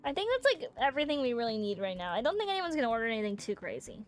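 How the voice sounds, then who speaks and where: High-voiced woman streamer, animated. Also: very fast, soft background music. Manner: animated, chatty, laughing, fixes her own slips. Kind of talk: casual gaming commentary.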